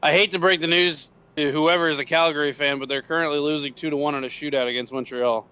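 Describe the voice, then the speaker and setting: A man with a bright, fairly high voice adds color commentary to an online race. He keeps teasing his co-hosts with quick quips. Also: fairly even intonation, clean tone, muffled recording. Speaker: sim racing co-commentator.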